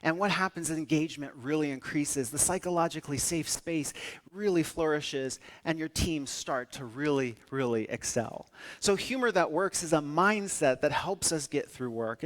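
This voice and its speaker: A young man with a somewhat high voice delivers a humorous keynote to a conference crowd. His style is playful and energetic, with jokes along the way and sudden jumps in loudness. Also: moderate pace. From northern United States. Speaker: conference speaker.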